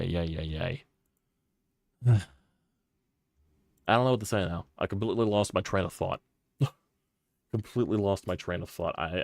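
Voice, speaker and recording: A man's voice: deep voice, no echo, studio quality. A young man ranting on a live sports stream, frustrated and profane, repeating himself as he talks.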